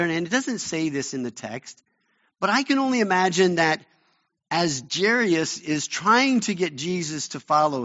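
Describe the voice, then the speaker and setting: A man's voice: high-pitched, a bit bright. A male pastor preaching a sermon, retelling a Bible story in an earnest, conversational way. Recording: dull lo-fi recording.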